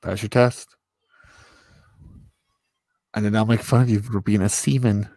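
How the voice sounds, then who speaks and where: A man's voice: lowish voice, fairly even intonation, unhurried, mellow, no room sound. A man hosting a casual chat with friends, crude and teasing, who laughs a lot and acts out mocking voices. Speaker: streamer host.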